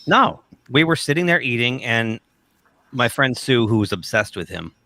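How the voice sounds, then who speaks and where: A man hosting a livestream and telling lively anecdotes over a video call. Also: medium pitch, moderate pace. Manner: animated anecdote teller, quotes people in voices. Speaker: livestream host. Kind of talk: casual chat, storytelling.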